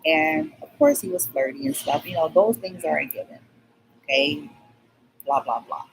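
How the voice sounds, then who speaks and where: A woman's voice: fairly low pitch, very animated, normal speed, gravelly, a little hiss or hum, poor audio. A woman vlogger telling a rambling personal story, keeps checking in with "okay?" and skipping details with "blah, blah".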